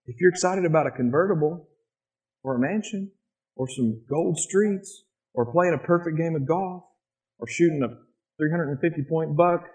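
A man preaching a sermon in a church, lively and animated, often acting out excited quotes in a higher voice. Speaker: pastor.

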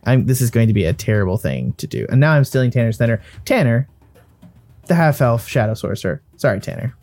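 Animated excitable man hosting a game. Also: mid-range voice, a little fast, soft background music. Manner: excitable, swearing, laughing often. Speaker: dungeon master and host. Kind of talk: casual chat closing a podcast episode.

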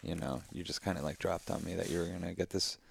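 A man's voice: low voice, steady tone, fast talker, vocal fry, breathy edge. A man in a casual, heartfelt conversation who talks emphatically and effusively, swearing freely and speaking in spiritual terms.

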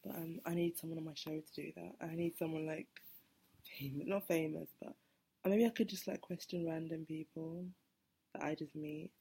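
Woman, 20s, solo podcast host; husky, dark voice, rambling and self-correcting. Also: low-pitched, steady tone, normal speed. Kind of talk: casual solo podcast monologue.

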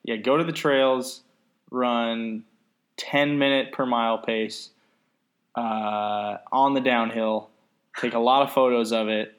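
A man's voice: medium pitch, fairly even intonation, slow. A man co-hosting a podcast in casual chat, ranting sarcastically and swearing freely. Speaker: podcast co-host.

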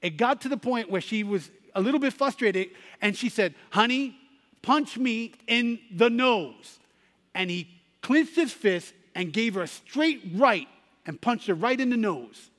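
High-voiced male preacher in a reverberant hall. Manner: storytelling, rising to emphatic passages. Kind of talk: sermon.

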